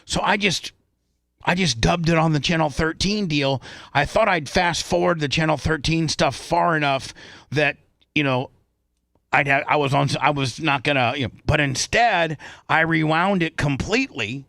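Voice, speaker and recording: A man's voice: a little high, moderate pace, vocal fry, dry recording, clean studio sound. A middle-aged male radio host telling a long, rambling story on the air and acting out the voices of the people in it. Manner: rambling, animated, acts out quotes.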